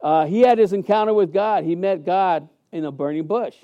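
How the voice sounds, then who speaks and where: A man preaching a sermon as pastor in a church sanctuary, emphatic and animated, with many fillers and restarts. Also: sits high, normal speed, dull audio.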